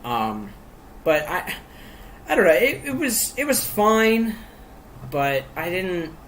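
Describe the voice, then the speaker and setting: A man's voice: sits high, very animated, slow pace, a bit bright, a little hiss or hum, rough recording. A man co-hosting a casual podcast chat about a movie, rambling with lots of fillers and frequent laughs. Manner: rambling, laughs often, many fillers and restarts. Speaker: podcast co-host reviewing a movie.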